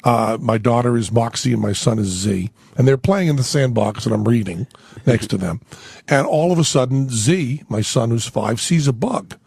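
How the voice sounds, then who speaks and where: A middle-aged man, a guest on a radio talk show, telling family stories in an animated, foul-mouthed way. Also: mid-range voice, moderate pace, vocal fry, breathy edge, no echo, clean studio sound. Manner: storytelling, animated, swears freely. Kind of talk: casual radio chat.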